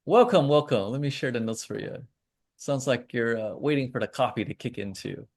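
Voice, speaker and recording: A man hosts a casual online trading session, wandering from chart to chart with offhand jokes and filler words. His voice has a gravelly, creaky texture at a middle pitch. His delivery is lively, rising and falling widely as he reacts. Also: normal speed. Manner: rambling, joking asides, many fillers. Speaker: host of a trading call. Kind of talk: casual screen-share commentary.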